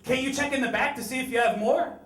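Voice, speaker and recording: A man voicing an irate, entitled older customer who sputters and shouts over missing chocolate ice cream. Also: very high-pitched, fairly even intonation, quick pace, echoey room, far from the mic, pitched above the performer's own voice. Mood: indignant.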